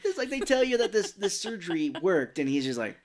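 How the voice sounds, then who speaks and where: A man's voice: sits high, big pitch swings, a little fast. A man co-hosting a podcast, retelling a movie's scenes in casual chat, acting out quoted lines and swearing freely. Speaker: podcast co-host.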